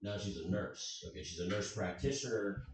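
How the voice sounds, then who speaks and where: A man's voice: low voice, moderate pace. A man with a Southern US accent doing a rambling stand-up set that keeps correcting itself. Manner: rambling, self-correcting delivery. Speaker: stand-up comic and show host. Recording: echoey club from far off.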